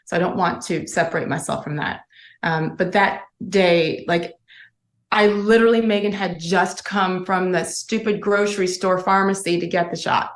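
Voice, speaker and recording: A woman's voice: on the low side, fairly even intonation, normal speed, reverberant. A woman, a former sportscaster, speaking as a guest in a candid interview and telling her story with emotion and earnestness.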